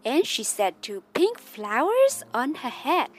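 A woman reading a children's picture book aloud to her child. Her voice sits high and swings with lively pitch, at a very slow, deliberate pace. Quiet music plays faintly underneath. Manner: slow, animated storytelling.

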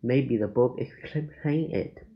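A man's voice: medium pitch, slow pace. A man reading aloud, voicing a cautious, worried young boy in a slightly raised, anxious voice, on a dull lo-fi recording. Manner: anxious careful exclaiming.

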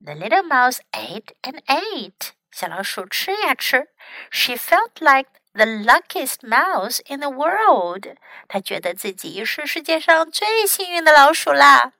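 A woman teacher narrates a children's story in a clear, patient, teacherly way. Her voice is high and bright, her pace slow. The sound is dry and close. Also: very animated, no echo, rough recording. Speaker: English teacher.

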